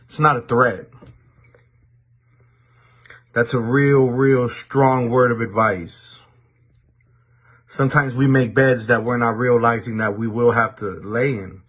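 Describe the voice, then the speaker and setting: A man from the Los Angeles area speaking straight to his viewers in a monologue, with a deliberate warning tone and frequent repeated words as he restarts sentences. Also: medium pitch, steady tone, fairly bright tone. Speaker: commentator addressing viewers. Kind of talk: direct-to-camera monologue.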